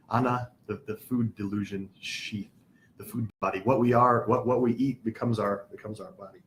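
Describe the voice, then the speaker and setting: A man's voice: on the low side, fairly even intonation, moderate pace, a bit bright, a little hiss or hum. A man teaching a spiritual class, patiently explaining terms, spelling words out and asking the class questions.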